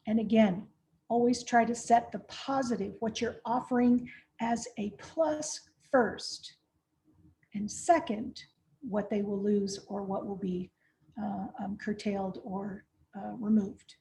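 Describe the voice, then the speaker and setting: A woman's voice: fairly high pitch, dark tone. A woman presenting a training session, practical and direct, often checking in with "right?". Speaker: conference trainer.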